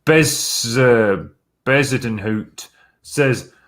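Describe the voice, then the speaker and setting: A man's voice: medium pitch, very slow. Blunt, sweary man. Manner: blunt, swears freely, sarcastic. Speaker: live-stream host. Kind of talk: casual live-stream chat reading viewer messages.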